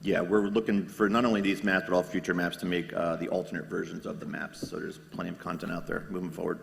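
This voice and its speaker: A man, a game developer, giving a calm matter-of-fact update on a convention panel. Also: sits low, quick pace, vocal fry. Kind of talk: casual panel presentation. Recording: echoey hall.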